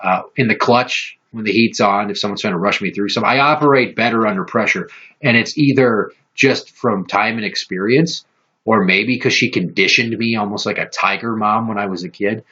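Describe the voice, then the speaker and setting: A man hosting a podcast, telling profane, animated stories in casual chat. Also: fairly low pitch, brisk, husky, lo-fi sound. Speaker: podcast host.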